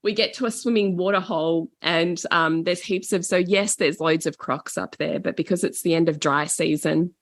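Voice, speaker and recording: A woman in her forties with an Australian accent, a podcast guest telling family travel stories in a lively, casual way, swearing freely. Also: fairly low pitch, normal speed, hardly any pauses, dry recording, studio quality. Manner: animated, swears casually, laughs often. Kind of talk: casual storytelling.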